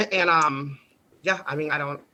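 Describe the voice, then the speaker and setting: Animated high-voiced young man. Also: a little slow, a crowd in the background, rough recording. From United States. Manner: animated, laughs often, swears freely. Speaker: podcast guest. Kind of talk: casual storytelling.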